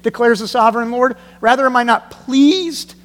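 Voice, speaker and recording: Guy preaching in a church, high-ish voice, really animated, acts out the quotes, big echoey hall. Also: normal speed. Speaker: pastor. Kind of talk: sermon.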